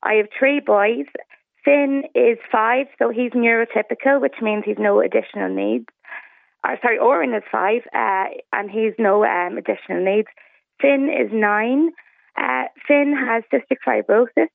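An Irish woman in her thirties speaking by phone, hoarse from the flu, talking earnestly. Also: on the high side, a little slow, no echo. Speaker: caller. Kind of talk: phone interview. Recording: tinny phone line.

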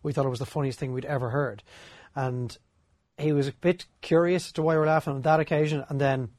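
A man's voice: a little high, steady tone, fast, darkish tone, no room sound, clean studio sound. A young Irish man, a radio co-host, telling a story in an easygoing, colourful way. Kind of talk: casual chat.

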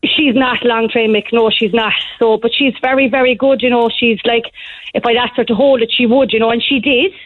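A woman phoning in to a radio show tells a story down the line in a fast, breathless, animated way. Her voice is fairly high, and the recording is dry.

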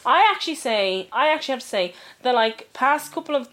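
A woman's voice: high voice, a little fast. A young woman with an Irish accent chatting casually and telling stories with lots of fillers. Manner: chatty, animated storytelling with lots of "like". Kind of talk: casual chat.

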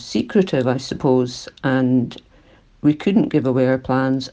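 An older woman with a Glaswegian accent speaks in a recorded interview. Her voice is mellow and dark, and she talks earnestly, with feeling that makes it shake now and then. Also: rumbling low. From Scotland. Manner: earnest, emotional, voice shaking at times. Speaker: climate activist.

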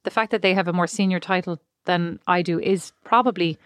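A woman's voice: on the low side, steady tone, fairly quick, no room sound, clean studio sound. A woman co-hosting a podcast, chatting casually and rambling, laughing often. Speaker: podcast co-host. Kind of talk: casual chat.

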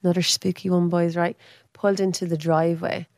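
A woman in an easy, chatty storytelling manner. Her voice sits on the lower side, recorded close and dry. She acts out quoted speech, leaping up in pitch for other people's lines. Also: little pitch movement, brisk, darkish tone, no room sound. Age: 30s. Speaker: podcast guest. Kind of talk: casual storytelling.

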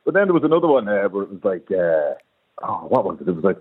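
A man's voice: on the low side, fast talker, husky. An Irish man calling in to a radio show, telling easygoing stories. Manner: lively, easygoing anecdotes. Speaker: radio caller. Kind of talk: casual phone-in chat. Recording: tinny phone line.

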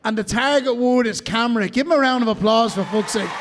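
A man's voice: very high voice, fast. An Irish man hosting a live podcast show, swearing and joking boisterously on stage. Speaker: podcast host. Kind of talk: casual live banter. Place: large live stadium show. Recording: live crowd noise behind.

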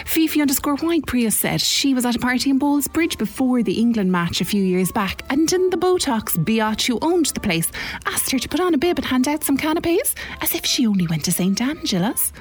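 A woman's voice: high voice, very animated, a little fast. A woman playing a posh, catty Cork woman who gossips about her friends, speaking with a Cork accent. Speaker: letter writer. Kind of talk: comic monologue.

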